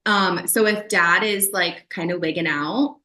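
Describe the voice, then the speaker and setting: A woman doula talking casually as a podcast guest, lively, often acting out what clients and partners say. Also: lowish voice, measured pace. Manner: animated, acts out quoted voices of clients. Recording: roomy echo.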